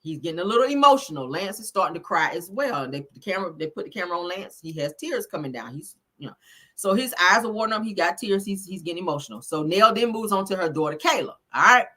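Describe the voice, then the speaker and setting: A woman with a fairly low, expressive, slightly bright voice hosts a casual live show recap, talking fast. She tells the story in a chatty way and checks in with her listeners as she goes.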